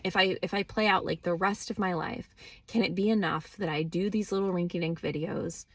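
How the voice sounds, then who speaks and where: Sitting in her car, a woman who makes spiritual vlogs speaks casually to the camera, no external microphone, just the phone or camera itself. Her pitch is fairly low, her tone steady, her pace brisk, and she swears bluntly while interrogating herself.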